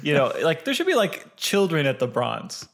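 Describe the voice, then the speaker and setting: A man's voice: a little high, wildly swooping pitch, moderate pace, gravelly, a bit bright. A man in a casual podcast chat, talking in a wry, musing way.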